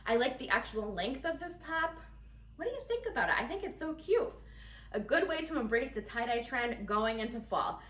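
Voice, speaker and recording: A woman's voice: fairly high pitch, very animated, moderate pace, fairly bright tone, roomy sound, distant mic. A woman chatting casually and giggling through a try-on haul, talking straight to her viewers. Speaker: fashion vlogger.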